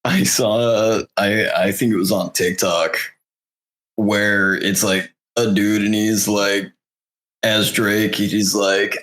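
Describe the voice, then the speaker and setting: A man's voice: fairly low pitch, flat delivery, slow pace, a bit bright. A young man co-hosting a podcast, telling stories in a rambling way with many fillers. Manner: rambling, filler-heavy storytelling. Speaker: podcast co-host. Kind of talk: casual chat.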